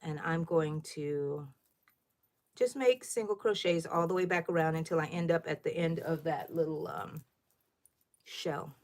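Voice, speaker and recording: A middle-aged woman with a lilt hosts a casual crochet livestream, talking a little loud and thinking out loud as she works. Her voice sits slightly low for a woman, and she keeps turning to her viewers with questions. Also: measured pace. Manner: chatty, thinks aloud, asks viewers questions. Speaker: livestream host.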